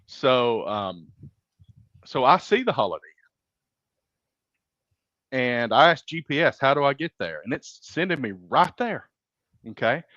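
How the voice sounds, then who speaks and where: A man's voice: medium pitch, sing-song, unhurried, long pauses, pushed and bright, dry recording. Rambling man with a muffled sound. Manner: rambling storyteller with many fillers and restarts. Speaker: podcast co-host. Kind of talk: casual chat.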